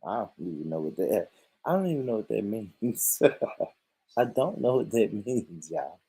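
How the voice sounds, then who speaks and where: A slightly rough, lowish male voice comes through at a slightly slow pace. The man is a vlogger on his own channel, ranting for laughs with lots of cursing and frequent chuckles, all in an animated manner.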